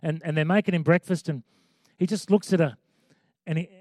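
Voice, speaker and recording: Man, pastor, high-pitched, dry recording, conversational sermon. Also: brisk, darkish tone, no echo. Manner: conversational preaching with emphatic repeated lines.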